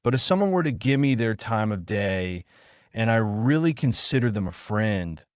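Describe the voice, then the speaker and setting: A man voicing a calm, guarded teenage boy ninja who speaks nonchalantly in a fan fiction reading. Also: lowish voice, moderate pace, clear, resonant tone, dry recording, studio quality.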